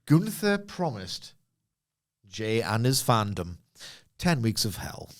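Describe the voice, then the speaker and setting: Co-host, low pitch, swings up and down a lot, dry and pointed. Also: male voice, sing-song, slow. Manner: sardonic, emphatic opinions. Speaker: podcast co-host. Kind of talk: casual wrestling podcast chat.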